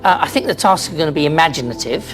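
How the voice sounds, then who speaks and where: A man answering questions as a studio guest in a deadpan, mock-serious way. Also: on the high side, racing, faint music behind. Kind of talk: deadpan comic interview.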